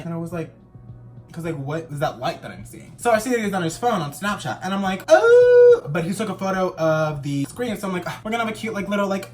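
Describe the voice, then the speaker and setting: A young man telling a storytime vlog in a sassy, campy, dramatic way, shouting for emphasis. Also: on the high side. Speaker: vlogger.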